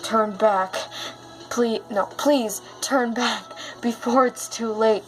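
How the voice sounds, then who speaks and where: A sorrowful young ghost girl from a video game, speaking softly and quietly, as a woman puts her on while retelling the game. The voice sits high and light. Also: fairly even intonation, slow pace, music in the background. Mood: pleading.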